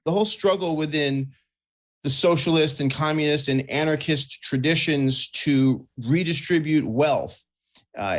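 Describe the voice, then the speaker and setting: A man from New England with a standard broadcast accent, a guest writer answering interview questions in a measured, explanatory way. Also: on the high side.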